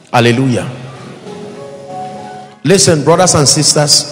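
Animated preacher in an echoey hall. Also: male voice, on the high side, moderate pace, long pauses. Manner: animated, call-and-response preaching with acted quotes. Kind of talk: sermon. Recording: echoey hall with faint music.

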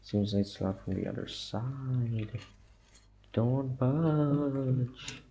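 A man's voice: on the low side, measured pace, vocal fry, mellow, a little hiss or hum. A young man giving a let's-play commentary on a horror game, muttering to himself and reacting nervously to scares. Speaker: gamer.

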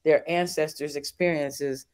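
Man in casual podcast talk, high voice, easygoing, shares nerdy facts. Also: fairly even intonation, a little slow, a little mellow, smooth. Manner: laid-back, chatty, nerdy asides, laughs often.

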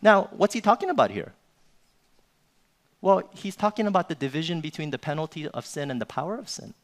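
A man's voice: fairly high pitch, sing-song, a little fast. A male pastor preaching a sermon in an informal, conversational way, often tagging his sentences with "you know" and "right?".

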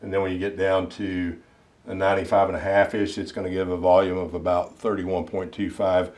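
A man explaining his reloading gear in a casual, unhurried way, thinking aloud with plenty of fillers. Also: deep voice, flat delivery, a little mellow, distant mic. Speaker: ammunition reloading hobbyist. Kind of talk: casual instructional talk. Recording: roomy sound, mic set back.

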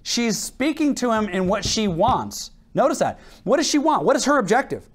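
A man preaching a sermon as pastor, with an American accent, animated and quick to act out little exchanges and laugh. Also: high voice. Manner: animated preaching, acts out dialogue, laughs often.

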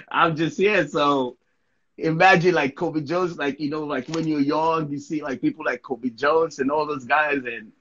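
A man from Sierra Leone telling a story in a casual interview, lively and full of repeated words and "right?" tags. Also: on the high side, normal speed, highs cut off. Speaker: interview guest, pro soccer player.

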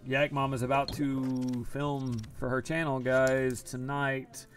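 A man's voice: mid-range voice, little pitch movement, takes it slowly, soft background music. A man live-streaming an online card game from home, chatting casually and groaning about his bad luck.

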